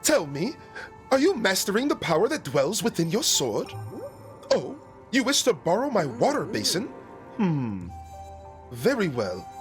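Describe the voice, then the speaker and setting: A man voicing a snooty ancient female water dragon in a video game, speaking in a haughty, regal, drawn-out way. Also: sits high, wildly swooping pitch, soft background music, pitched above the performer's own voice, heavily acted. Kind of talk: voicing game characters on a stream.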